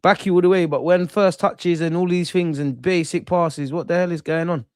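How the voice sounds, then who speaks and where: A man streams his reaction to a football match, talking straight to his chat and to the players, his voice jumping between calm and loud outbursts. The sound is dry and close, with no room echo. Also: fairly high pitch, normal speed, smooth. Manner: excitable, swears, talks to chat and players. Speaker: football watchalong host.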